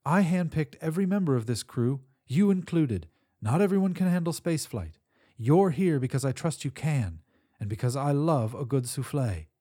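A man voicing a wounded, calm female starship captain who gives steady, commanding orders. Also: a little high, moderate pace, breathy edge, voice pushed up.

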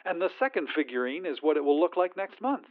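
A man's voice: a little high, sing-song, quick pace. A man doing a syrupy cheerful phone agent. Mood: sweetly insistent. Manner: syrupy customer-service politeness. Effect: phone filter. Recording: tinny phone line.

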